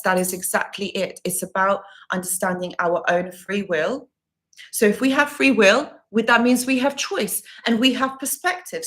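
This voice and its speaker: A woman's voice: on the high side, a bit bright. A woman recovery coach hosting a live Q&A stream, reading viewer comments aloud and answering with earnest, reassuring advice that she often repeats.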